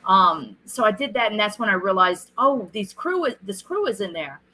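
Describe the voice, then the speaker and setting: A bright, forceful middle-aged woman chatting casually as an interview guest. She tells her stories with energy and slips into the voices of the people she quotes. Her pitch sits in an ordinary middle range. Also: normal speed, rough recording. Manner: animated storyteller who acts out quoted lines. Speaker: guest, film director.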